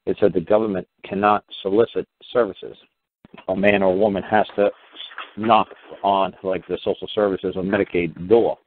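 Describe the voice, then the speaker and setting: A man's voice: low-pitched, little pitch movement, moderate pace, slight background noise. A man talking at length in a rambling, casual way, full of fillers and repeated words. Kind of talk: casual rambling call-in talk. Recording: tinny phone line.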